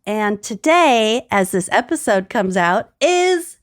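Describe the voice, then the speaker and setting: A woman's voice: a little high, big pitch swings. Wry, sardonic woman co-host. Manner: wry, sardonic humor with dramatic pauses. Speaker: podcast co-host. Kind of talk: casual chat between friends.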